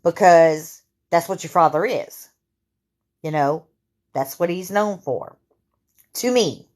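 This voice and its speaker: Slow, low-voiced woman in her fifties. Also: darkish tone. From Louisiana. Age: 50s. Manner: halting, with many fillers and restarts. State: sore throat, clearing it. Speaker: vlogger. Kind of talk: candid storytelling to camera.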